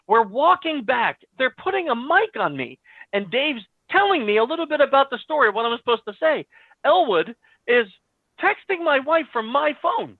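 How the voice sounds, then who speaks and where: A man telling a story with lots of animated acted-out dialogue, on a video call. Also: high-pitched, no room sound. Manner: excited, acts out quoted dialogue. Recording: dry tinny phone-like audio.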